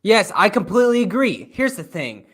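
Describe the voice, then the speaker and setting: A man's voice: high-pitched, very animated, normal speed, fairly bright tone, breathy edge. A man co-hosting a podcast, giving blunt, mocking opinions in a casual food-ranking chat. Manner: emphatic, dismissive, mocking. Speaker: podcast co-host.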